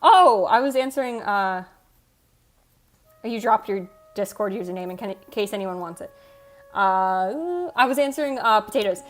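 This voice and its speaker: With faint music playing, a woman streamer reads out viewer comments in a casual, rambling chat. Her mid-range voice is animated at a moderate pace, and she keeps cutting herself off and swearing offhand.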